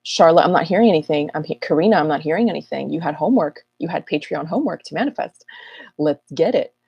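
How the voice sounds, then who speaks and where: Woman, astrologer, casual livestream chat, deep voice, slightly husky, dry close sound. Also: expressive, fast talker, no echo, highs cut off. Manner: chatty, rambling, self-mocking. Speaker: astrologer hosting a live Q&A.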